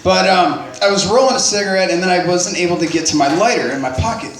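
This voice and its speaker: A man's voice: high-pitched, fast, a bit bright, echoey room, low-quality recording. A man telling a personal story in a casual, profane, self-deprecating way, with lots of restarts.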